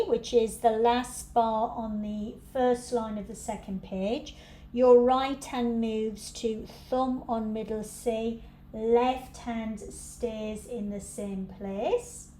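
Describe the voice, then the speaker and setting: A woman's voice: fairly high pitch, dark tone. A woman teaching piano, giving patient step-by-step practice instructions.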